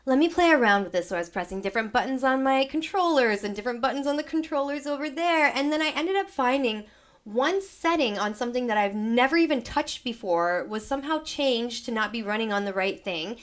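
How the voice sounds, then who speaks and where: A woman's voice: a little high, animated, a little fast. A young woman hosting a live sound healing session from her home studio, chatting casually and rambling as she acts out her own past thoughts while still recovering from an illness. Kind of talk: casual chat to a live audience.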